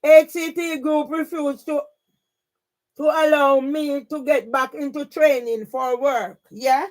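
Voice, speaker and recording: Jamaican lady ranting on a livestream, fired up, yells and cusses, keeps asking yeah?. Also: high-pitched. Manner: emphatic, often shouting and swearing, with frequent "yeah?" tags. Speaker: YouTube livestreamer. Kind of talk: live-stream rant.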